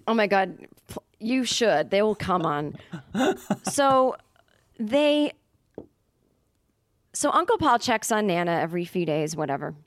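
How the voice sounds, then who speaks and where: Appearing as a podcast guest, a woman comedian tells a story in a medium-pitched, very animated voice, taking her time and pausing often, with no room sound. Her delivery is casual and rambling, packed with fillers, restarts and self-corrections.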